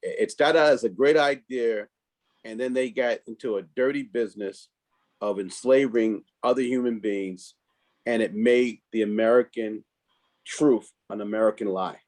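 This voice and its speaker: A man, a district leader, answering interview questions in a thoughtful, halting way full of fillers, troubled by allergies. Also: lowish voice, darkish tone. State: coughing from allergies.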